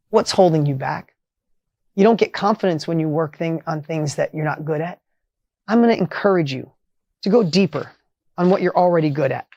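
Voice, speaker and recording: A middle-aged man telling a motivational story with energy and emphasis, his voice rising when excited. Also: on the high side, gravelly, no room sound. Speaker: motivational speaker.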